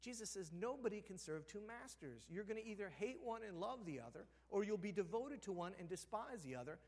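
A man preaching from the pulpit in a church, his voice pitched high and swinging widely as he tells the story. He acts out the characters' lines, then sinks to a hushed, almost whispered tone for effect. The sound rings with a long church reverb. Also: animated, a little fast. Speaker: pastor. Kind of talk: sermon. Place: church sanctuary.

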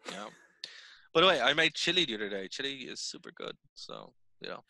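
A young Irish man co-hosting a podcast in casual chat, chatty and excitable, jumping from topic to topic. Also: medium pitch, fairly quick, vocal fry, dry recording. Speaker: podcast co-host.

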